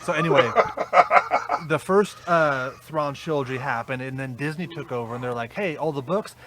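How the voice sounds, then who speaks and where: A man's voice: mid-range voice, normal speed, a loud crowd. A man co-hosting a podcast, teasing his partner with profanity and explaining things at length. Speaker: podcast co-host. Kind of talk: casual podcast banter.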